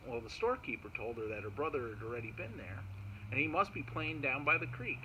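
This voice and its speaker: A man telling a folk tale to children in an animated way, chanting little sound effects as he goes. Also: mid-range voice, a little fast, slight background noise, rough recording. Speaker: park storyteller. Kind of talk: storytelling for children.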